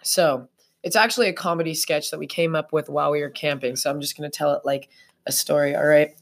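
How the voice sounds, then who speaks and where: A woman's voice: low voice, steady tone, fast talker. A young woman in casual podcast chat, telling a rambling story with lots of fillers.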